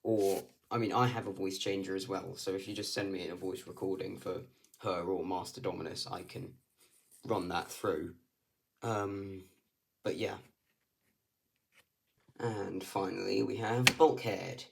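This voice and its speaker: Man hosting a casting call, low-pitched and unhurried, halting delivery, a little off-mic. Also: fairly even intonation, vocal fry, a little hiss or hum. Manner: hesitant, loose, full of ums and likes. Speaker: stop-motion creator running a casting call. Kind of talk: casual talk to camera. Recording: voice slightly distant from the mic.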